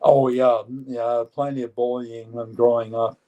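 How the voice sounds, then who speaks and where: Mellow-voiced man in his seventies, halting. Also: medium pitch, flat delivery, muffled recording. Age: 70s. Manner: earnest, matter-of-fact, halting with frequent restarts. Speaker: interview guest. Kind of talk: live-streamed personal interview.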